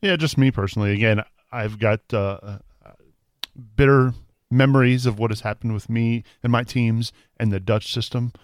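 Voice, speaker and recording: A man on a sports podcast panel, giving wry, measured takes. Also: medium pitch, fairly even intonation. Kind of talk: casual sports chat.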